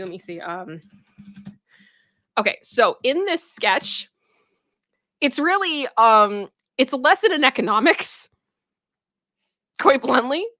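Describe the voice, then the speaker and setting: A woman hosting a casual livestream who chats with viewers and retells a comedy sketch in an animated way. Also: medium pitch, dry recording. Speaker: livestream host.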